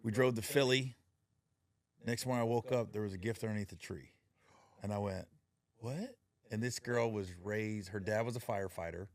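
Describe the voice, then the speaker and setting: A man hosting a podcast, telling personal stories in a casual, animated way and acting out the people in them. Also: lowish voice, a little fast, no echo. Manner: animated storyteller, acts out quoted voices, laughs often. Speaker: podcast host. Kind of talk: casual storytelling chat.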